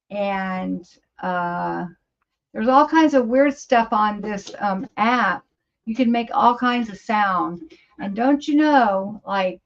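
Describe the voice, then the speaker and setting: Slow, rambling woman over fifty. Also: medium pitch. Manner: chatty, rambling, easily amused. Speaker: livestream host. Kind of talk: casual livestream chat with viewers. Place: home studio, indoors. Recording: slightly dull lo-fi livestream audio.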